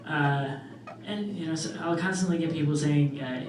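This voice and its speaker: A young man doing a stand-up comedy set, deadpan and self-deprecating, with trailing fillers. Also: a little high, normal speed, background noise. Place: club stage in front of a live audience. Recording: roomy club audio from far off. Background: audience laughter.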